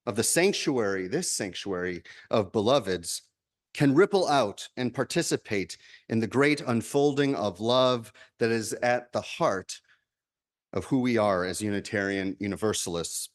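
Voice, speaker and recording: Man preaching a measured, reflective sermon. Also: lowish voice, animated. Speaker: minister.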